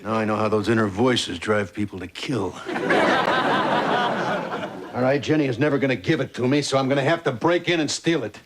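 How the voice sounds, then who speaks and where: A man's voice: mid-range voice, a little fast, pauses often, a crowd in the background, lightly acted. An actor playing an exasperated, pleading sitcom father. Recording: sitcom audio with heavy noise.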